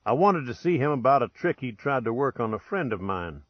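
A man voicing an easygoing young prospector who speaks in a soft, unhurried drawl, a little ironic. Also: mid-range voice, dry recording, highs cut off. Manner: relaxed, unhurried, faintly ironic.

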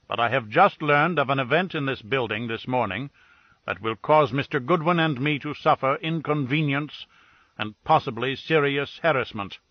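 A man's voice: mid-range voice, dry recording, natural voice. A man playing a ponderous, pompous detective who weighs every word in long formal sentences. The audiobook sound is dry and a little dull. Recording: dull, dry studio read.

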